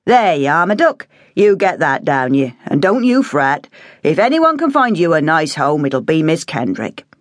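A woman's voice: deep voice, big pitch swings, normal speed, no echo. A woman voicing a plump, kind-hearted, motherly woman who fusses over a child in a homely way. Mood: kindly. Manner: warm-hearted, homely, fussing.

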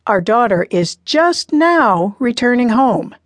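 A woman's voice: a little high, sing-song, slow, no room sound, voice pushed up, heavily acted. A woman narrator voicing a stern, firm middle-aged father in an audiobook, speaking insistently. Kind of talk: audiobook character reading.

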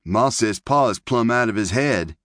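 A man's voice: medium pitch, animated, normal speed, a bit bright, dry recording, clean studio sound, pitched above the performer's own voice, lightly acted. A man voicing a shy, folksy farm boy in an audiobook. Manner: folksy rural talk. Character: shy homespun farm boy heading west.

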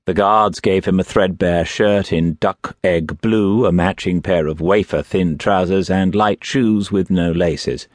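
Low-voiced guy reading a thriller audiobook, dry close mic. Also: no echo. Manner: measured, steady storytelling. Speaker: audiobook narrator. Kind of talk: scripted narration. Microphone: close studio mic.

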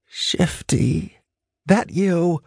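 A man's voice: a little high, extremely slow, vocal fry, slightly rough, no echo, clean studio sound, pitched above the performer's own voice, heavily acted. A male audiobook narrator voicing a wary woman with a scratchy voice who talks in blunt, clipped street grammar. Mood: suspicious. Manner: suspicious, demanding, nonstandard grammar.

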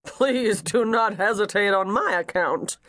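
A man voicing a courteous, flattering English gentleman gambler. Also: sits high, unhurried, no room sound, studio quality, pitched above the performer's own voice. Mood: polite.

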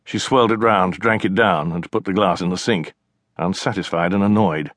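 Male narrator, lower voice, bone-dry studio read, measured scripted storytelling. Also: a bit bright, no echo. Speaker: audiobook narrator.

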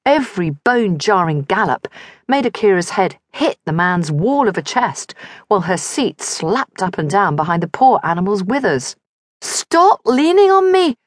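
A woman's voice: fairly low pitch, animated, moderate pace, no echo. A woman narrating a romance audiobook in vivid scripted storytelling on a close studio mic.

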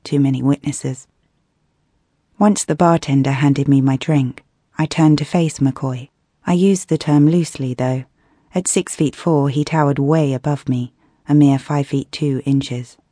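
British woman, audiobook narrator, mellow tone, wry expressive read, dry close studio mic. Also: very deep voice, unhurried, breathy edge, no room sound. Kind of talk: scripted first-person audiobook narration.

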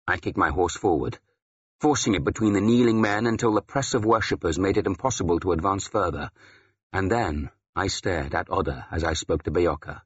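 Low, husky male audiobook narrator. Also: a little fast, no room sound, dull audio. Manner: expressive, dramatic shifts of tone. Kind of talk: scripted first-person narration.

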